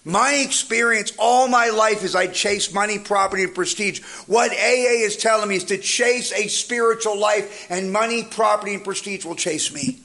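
Talking at a moderate pace with hardly any pauses, a high-voiced recovery speaker gives a humorous, motivational talk. He tells his stories with energy and plenty of jokes.

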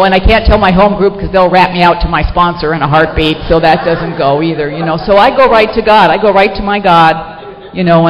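A middle-aged woman sharing a personal story with an audience at a recovery meeting, in an animated, self-mocking way with lots of fillers. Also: deep voice. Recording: echoey hall, dull lo-fi sound, faint noise.

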